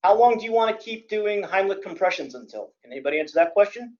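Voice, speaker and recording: A man's voice: high voice, lively intonation, quick pace, darkish tone. A man lecturing as a CPR instructor, plain-spoken with dry joking asides. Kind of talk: classroom lecture. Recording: dull lo-fi recording.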